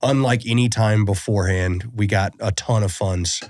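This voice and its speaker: A man with a lowish voice speaks casually and haltingly as a host, a Coast Guard veteran. He pauses and restarts while gathering his thoughts. The sound is close and dry. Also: steady tone, darkish tone, dry recording. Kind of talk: casual interview chat.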